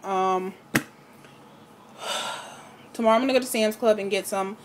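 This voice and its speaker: A woman talking through a casual home video diary, slightly out of breath, hesitant with many pauses and fillers. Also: medium pitch, very noisy. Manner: hesitant, many ums and restarts. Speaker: vlogger.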